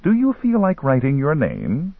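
A man reading an audiobook, voicing a calm, scheming male merchant who works spells, smooth and quietly menacing. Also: a little high, normal speed, no room sound, voice pushed up, exaggerated voice. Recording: tinny phone-like line.

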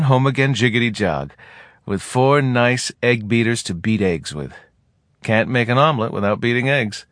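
A man's voice: on the low side, no echo. Man narrating a novel, dry close sound. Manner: steady, plain storytelling. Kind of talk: audiobook narration.

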